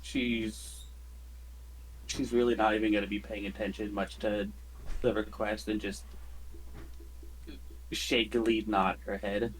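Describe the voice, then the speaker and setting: A man voices his turn in a tabletop game, stumbling over restarts and laughing now and then. His voice sits a bit low. The talk is loose and casual. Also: flat delivery, measured pace, long pauses, rough recording. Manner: stammering, laughing player describing his character. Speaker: player. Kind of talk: casual tabletop role-play.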